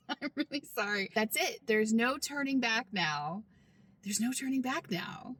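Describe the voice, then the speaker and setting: A chatty woman in her thirties vlogs from inside her van. She sits fairly high in pitch and talks openly, often loudly, laughing and going off on quick asides. The sound is dry and close, with little room around it. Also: expressive, dry recording. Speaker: van life vlogger. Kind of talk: casual vlog talk.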